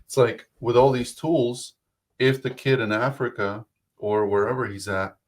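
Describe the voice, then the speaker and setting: A man's voice: mid-range voice, steady tone, measured pace. A man from outside the US speaking as a podcast guest, hesitant, restarting his sentences as he thinks. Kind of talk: casual podcast chat.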